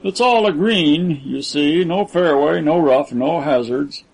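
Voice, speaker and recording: A man's voice: a little high, a little slow, creaky, breathy edge, heavily acted, poor audio. A man voicing a haughty, cold rich older man who speaks in a clipped, lordly way.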